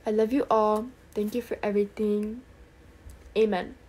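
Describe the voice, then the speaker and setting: A woman's voice: medium pitch, little pitch movement, moderate pace, a little mellow. A young woman telling earnest faith stories on a late-night livestream. She sounds tired and talks in a breathless rush. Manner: earnest, breathless storytelling, whispers prayers. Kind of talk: casual faith testimony on a livestream.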